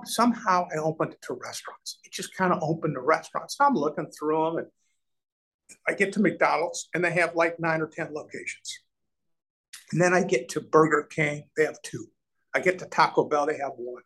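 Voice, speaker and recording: A man's voice: a little high, normal speed, husky, low-quality recording. A man in his sixties from Omaha, a guest telling a long business story in an interview and acting out the dialogue as he goes. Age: 60s. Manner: animated storyteller, acts out quoted dialogue. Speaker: real estate developer, guest.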